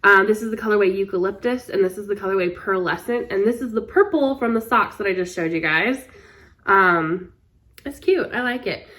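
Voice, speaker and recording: A woman co-hosting a podcast, wheezing a little and clearing her throat, chatting in an easygoing, self-deprecating way. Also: mid-range voice, a bit bright. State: wheezy from asthma. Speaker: podcast co-host. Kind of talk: casual chat about knitting.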